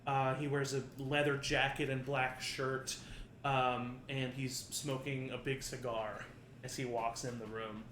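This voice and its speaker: A man's voice: medium pitch, flat delivery, a little slow, fairly bright tone, a little hiss or hum. A man narrating a tabletop game as game master, rambling with many fillers. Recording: roomy echo, faint ambience.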